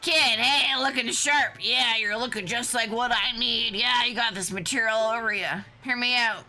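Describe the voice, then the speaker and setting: A woman voicing a male crook in a game who pitches a heist to a kid in a gruff, fast-talking way. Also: pushed and bright. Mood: scheming.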